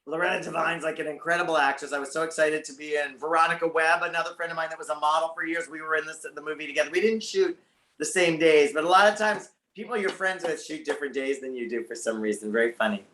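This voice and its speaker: A man's voice: on the high side, fast talker, bright, forceful tone, echoey room. A man as a guest on a talk show, chatting casually and animatedly about his career. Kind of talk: casual interview chat.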